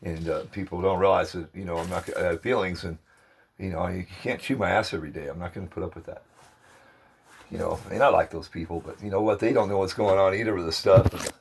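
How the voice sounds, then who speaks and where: A man's voice: sits low, steady tone, fast talker, vocal fry, slight background noise. A middle-aged man talking to the camera in a rambling casual vlog, chatty and meandering, with grumbling asides. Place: outdoors near a dumpster.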